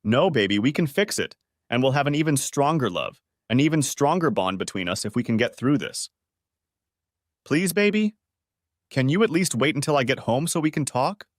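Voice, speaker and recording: A man's voice: medium pitch, expressive, fairly quick, no room sound, clean studio sound, close to an everyday voice. A man voicing a desperate, unfaithful young wife who pleads tearfully for forgiveness. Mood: pleading.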